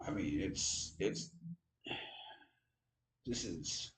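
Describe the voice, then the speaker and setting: The audio is poor, and the man's low-pitched, animated voice draws out his words. Tired and yawning, this sports fan vlogger gives casual, blunt football commentary on his own channel, rambling and self-deprecating.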